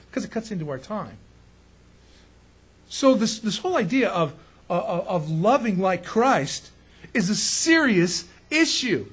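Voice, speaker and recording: Man, pastor, husky voice, high-pitched, casual joking sermon, emphatic questions. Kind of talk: conversational sermon.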